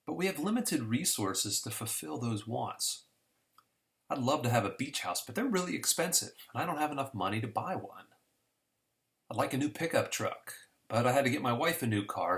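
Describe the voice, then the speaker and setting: A man's voice: mid-range voice, a bit bright. A man teaching an introductory economics lesson in a conversational, storytelling way with homespun examples. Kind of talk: casual recorded lesson.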